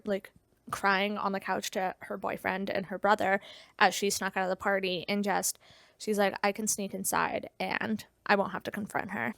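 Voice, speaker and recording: A young woman talks through a book's plot in a loose, chatty way, slipping into the characters' lines without changing her voice. Her pitch sits in an ordinary middle range, and the sound is close and dry, with no room echo. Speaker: book reviewer. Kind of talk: casual plot summary.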